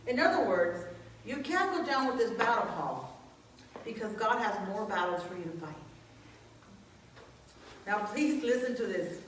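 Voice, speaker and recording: A woman's voice: medium pitch, expressive, measured pace, long pauses, slight background noise. A woman pastor giving an informal sermon, talking in a conversational, personal storytelling way. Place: church sanctuary. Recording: echoey room, distant mic.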